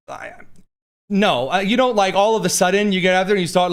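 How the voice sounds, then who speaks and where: A man hosting a political opinion show, talking in a sarcastic, mocking way. His voice sits a little high, and it swings sharply up and down as he rants. He grew up in East Central Indiana. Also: expressive, a little fast, fairly bright tone. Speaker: political commentary host. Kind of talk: opinion commentary.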